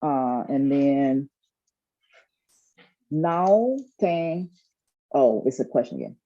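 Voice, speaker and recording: Woman language student, slow and hesitant, dull lo-fi audio. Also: a bass voice, lively intonation. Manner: hesitant, thinking aloud.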